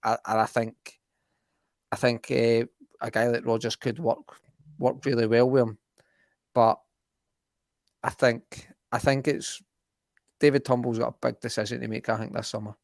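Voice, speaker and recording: A man's voice: medium pitch, little pitch movement, normal speed, vocal fry, pauses often, dry recording. Man, casual football podcast, rambly, restarts a lot, dry close sound. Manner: rambling, restarts often, laughs easily. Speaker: podcast co-host.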